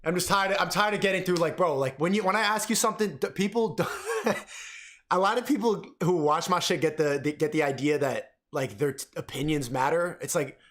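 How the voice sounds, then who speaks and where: A young man ranting excitedly and profanely while reacting to clips on a live stream. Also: on the high side, a little fast.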